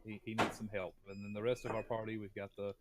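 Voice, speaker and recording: A man's voice: lowish voice, flat delivery, fast talker, very noisy. A man playing a tabletop game, playful and eager. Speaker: player. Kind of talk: casual tabletop play.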